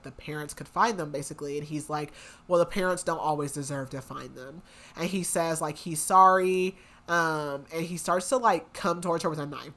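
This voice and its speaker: A young woman co-hosting a book podcast, casually retelling a novel's plot with lots of "like" and "um" fillers and quick acted-out quotes. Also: deep voice, a bit bright. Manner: chatty, lots of "like" and "um", acts out quotes.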